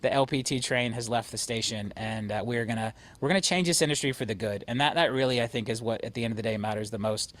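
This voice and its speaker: A man leading a company, giving an energetic, emphatic motivational talk to his agents. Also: medium pitch, fast, few pauses. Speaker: real estate brokerage CEO.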